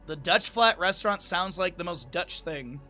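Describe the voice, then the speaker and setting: Man, streamer, casual chat, laughs a lot, high-pitched, faint background music. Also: expressive, normal speed, pushed and bright. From Lake Tahoe area, United States. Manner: chatty, laughs often, reads aloud from a menu.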